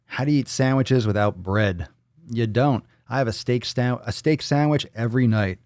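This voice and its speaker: A man's voice: mid-range voice, normal speed, darkish tone, no echo, clean studio sound. A man hosting a live stream, chatting loosely with viewers, joking and swearing as he reads their comments. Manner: loose, profane and joking, reading chat aloud. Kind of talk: casual live-stream chat.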